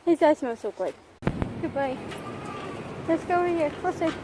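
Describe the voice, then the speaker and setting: A woman's voice: high-pitched, moderate pace, noisy background. A young woman chatting casually to the camera in a vlog, switching to short, praising commands for her service dog. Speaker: vlogger and service dog handler.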